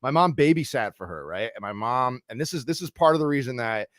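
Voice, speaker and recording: Profane, animated male podcast storyteller. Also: medium pitch, fairly quick, no echo, studio quality. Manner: animated, profane, lots of restarts and fillers. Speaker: podcast guest, comedian. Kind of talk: casual storytelling chat.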